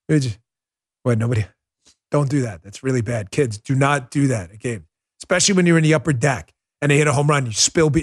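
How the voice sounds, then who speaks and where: A middle-aged man hosting a political commentary show, talking in an animated, mocking way with quick asides. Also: on the high side. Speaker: host.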